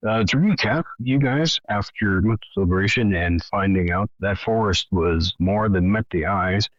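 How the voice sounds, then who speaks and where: A man's voice: lowish voice, a little slow, no echo, lo-fi sound. A man narrating a tabletop game as game master, in a dramatic, rambling way.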